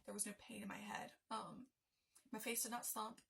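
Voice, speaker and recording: A woman's voice: mid-range voice, flat delivery, moderate pace, vocal fry, fairly bright tone, a little hiss or hum. A woman telling her own story as a candid, emotional personal testimony, with many fillers.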